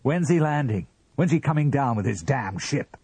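A jealous husband in a read-aloud story, bad-tempered and demanding, his voice pushed a little higher than the narration by the man reading. The tone is dark and slightly husky, recorded dry and close. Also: very animated, normal speed, no echo, heavily acted. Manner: sharp and demanding.

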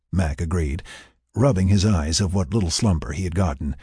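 A man narrating an audiobook in an expressive storytelling way. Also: low voice, moderate pace, slightly rough, no room sound, studio quality.

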